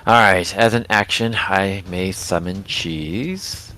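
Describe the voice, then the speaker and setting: A man's voice: low voice, takes it slowly, bright, forceful tone, soft background music. A man playing in a tabletop role-playing game, talking in a laid-back, joking way.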